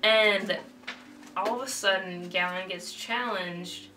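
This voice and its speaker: A woman's voice: medium pitch, slow pace, recorded from a distance. Rambling young woman, roomy off-mic sound. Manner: rambling, slangy, many fillers and restarts. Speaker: drunk storyteller. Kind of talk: slangy comedic retelling. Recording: roomy, from off-mic, faint music.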